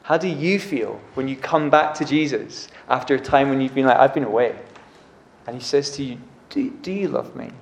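A man's voice: mid-range voice, brisk. A man preaching a casual, chatty sermon, often acting out the dialogue. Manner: conversational, uses "like" and acts out dialogue. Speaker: pastor. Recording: echoey room.

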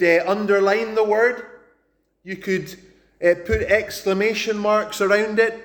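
A man preaching a sermon, emphatic, repeating words for stress and slowing down when he quotes scripture. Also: sits high.

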